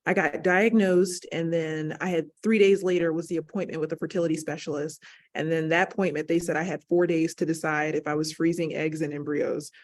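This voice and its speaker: A woman patient panelist recounting her experience briskly and with wry humor over a video call. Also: deep voice, steady tone. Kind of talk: personal testimony on a panel.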